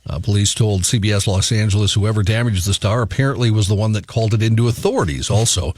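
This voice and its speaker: A radio host reading news items between banter, often laughing at the stories. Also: male voice, lowish voice, quick pace, darkish tone, no echo. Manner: amused, laughs through stories. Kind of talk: news reading mixed with chat.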